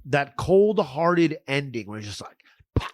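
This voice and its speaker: A man with a slightly high voice co-hosts a casual comedy podcast, rambling and cursing between jokes. The sound is dry and close to the mic. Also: big pitch swings, measured pace, no room sound. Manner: profane, joking, rambling. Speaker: podcast co-host.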